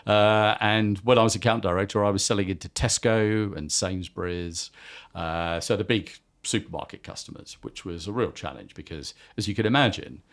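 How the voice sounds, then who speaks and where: A middle-aged man tells stories from his career in a relaxed, chatty way. He calls himself a talker and moves easily from one anecdote to the next. His voice sits on the low side. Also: moderate pace. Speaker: company chief executive, podcast guest. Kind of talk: casual storytelling interview.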